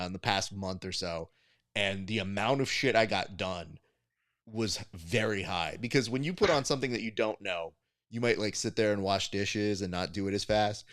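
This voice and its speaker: Low-voiced jokey male host. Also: no room sound, clean studio sound. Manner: animated, jokey, slips into mock voices for anecdotes. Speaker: podcast host. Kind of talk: casual chat.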